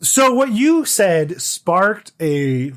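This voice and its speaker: A man's voice: high voice, extremely slow. A man co-hosting a tabletop gaming podcast in casual, playful chat. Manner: animated, playful storytelling. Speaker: podcast co-host.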